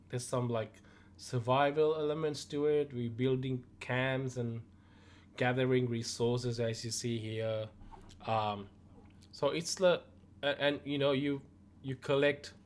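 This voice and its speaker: A gaming news show host chats with his viewers in a relaxed, rambling manner with frequent fillers. His mid-range voice is fading, and he coughs from time to time.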